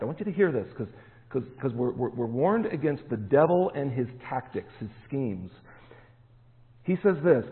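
A man's voice: mid-range voice, expressive, moderate pace, pauses often. A man preaching a sermon as pastor, emphatic and stressing key words. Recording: echoey hall, tinny phone-like sound.

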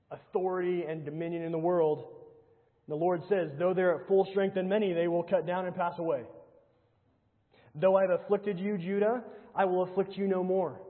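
A man preaching with earnest emphasis, his fairly high voice rising on rhetorical questions and sinking to a hushed, slow tone as he reads scripture. He sounds tinny and narrow, as if heard over a phone line, with a long reverb trailing through a large hall. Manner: reads scripture aloud, often dropping to a low, slow hush. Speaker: pastor. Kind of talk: sermon.

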